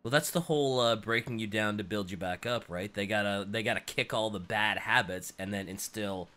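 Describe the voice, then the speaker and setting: Casting: male podcast host, chatty and reactive, bright forward tone. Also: fairly low pitch. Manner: chatty, reacts with quick exclamations. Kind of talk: casual podcast chat.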